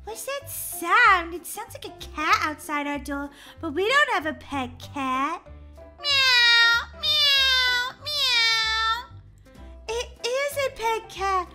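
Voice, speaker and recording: A woman doing a shrill, excitable sister. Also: slow pace, full character voice. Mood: dramatic. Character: grieving, easily shocked older sister girl. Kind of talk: voiced game role-play. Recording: music playing behind.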